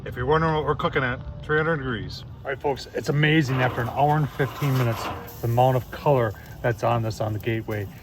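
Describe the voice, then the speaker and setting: A man's voice: mid-range voice, steady tone, fast talker, noisy background. A man hosting a casual outdoor barbecue demo, folksy and chatty, calling his viewers "folks". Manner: folksy, keeps saying "folks" and "I tell you what". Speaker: barbecue video host. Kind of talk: casual cooking demonstration.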